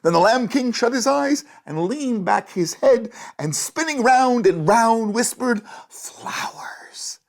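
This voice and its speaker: A storyteller reading a bedtime story aloud in a gentle, animated way, with a gravelly, breathy voice. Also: mid-range voice.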